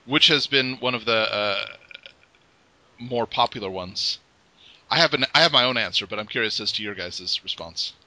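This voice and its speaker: A man hosting a casual interview, chatty and animated, with hesitant restarts. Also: fairly low pitch, normal speed, no room sound, rough recording. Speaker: podcast host.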